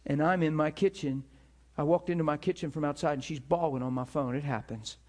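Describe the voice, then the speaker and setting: A man preaching a sermon, telling stories in an animated, emphatic way and acting out the people he quotes. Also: fairly high pitch, brisk. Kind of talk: sermon storytelling.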